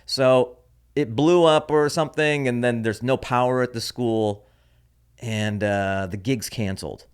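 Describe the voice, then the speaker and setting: A man's voice: medium pitch, unhurried, smooth. A man hosting his own comedy podcast, telling a story in a wry, offhand, rambling way. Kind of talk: casual rambling monologue.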